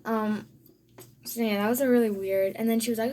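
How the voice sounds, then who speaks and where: Talking fairly quickly in a mellow, fairly high voice with fairly even intonation, a woman rambles through a storytime vlog from her room. She fills her speech with fillers and now and then slips into a whisper, over slight background noise.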